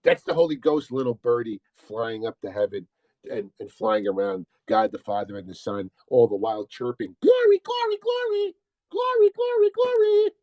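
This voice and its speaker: A man's voice: lowish voice, moderate pace, mellow, no room sound, low-quality recording. A man hosting a casual livestream, mocking and laughing, sometimes breaking into a sing-song parody chant. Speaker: livestream host.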